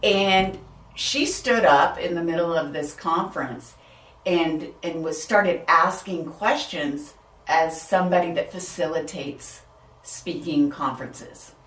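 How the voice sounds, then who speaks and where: A woman guest speaker in a casual interview, telling stories in an upbeat, animated way. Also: lowish voice, slow pace, distant mic. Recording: echoey room, off-mic.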